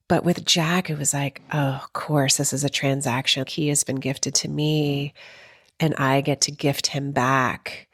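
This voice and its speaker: A woman in her forties with a low, grounded voice delivers a heartfelt spiritual reflection on her podcast. She speaks tenderly and without hurry, with soft pauses and a tearful edge at times. The sound is close and dry, with no room around it. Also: no echo. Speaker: podcast host.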